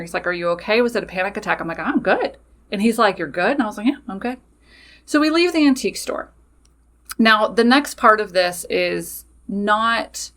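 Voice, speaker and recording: A woman tells a personal story on her podcast, with a bright, forward voice. She talks in a candid, animated way and swears casually as she goes. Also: medium pitch. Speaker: podcast host.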